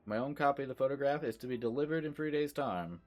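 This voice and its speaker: A man's voice: mid-range voice, quick pace, a little mellow, soft background music, pitched above the performer's own voice, close to an everyday voice. A man voicing a wealthy, smug lion baron who talks in a pompous, genteel way. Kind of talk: reading game dialogue aloud on stream.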